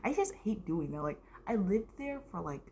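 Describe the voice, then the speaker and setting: A woman's voice: medium pitch, big pitch swings, moderate pace, dark tone, a little hiss or hum. A young American woman telling a casual storytime vlog, rambling with lots of fillers and the odd whispered aside. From United States.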